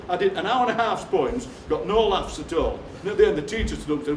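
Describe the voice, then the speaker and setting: A middle-aged man with a Barnsley Yorkshire accent telling quick, jokey stories to a live audience as a performance poet. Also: high-pitched, lively intonation. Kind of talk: comic storytelling on stage. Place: theatre stage before a live audience. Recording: roomy, distant theatre recording with noise.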